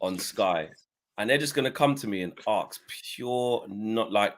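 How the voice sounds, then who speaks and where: A man chatting on a football fan stream, slangy and excitable. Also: fairly low pitch, moderate pace. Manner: animated and slangy. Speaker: football fan show panelist. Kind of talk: casual fan chat.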